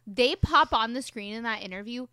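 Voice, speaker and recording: A woman's voice: fairly high pitch, normal speed, pushed and bright, dry recording. A young woman co-hosting a casual podcast chat, gushing and saying "like" constantly. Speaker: podcast co-host.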